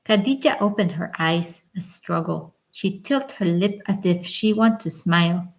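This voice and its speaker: A woman reading a novel aloud, softly voicing the characters in turn. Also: lowish voice, measured pace, rough recording. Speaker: audiobook reader.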